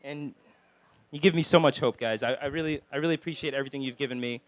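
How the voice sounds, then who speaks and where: A man's voice: medium pitch, fast talker, no room sound. A man giving an earnest, heartfelt wedding toast outdoors in a backyard.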